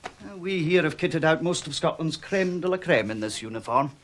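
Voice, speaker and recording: An actor playing a polite, flattering shop salesman in a school uniform shop, talking in smooth sales patter. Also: on the high side, normal speed, a little hiss or hum. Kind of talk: television drama acting.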